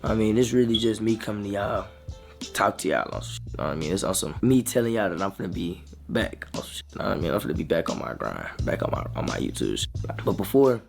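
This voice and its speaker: A young man, telling a rambling, slangy storytime to his viewers that grows animated as he retells it. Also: on the low side, quick pace, gravelly, faint music behind. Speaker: vlogger. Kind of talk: casual storytime.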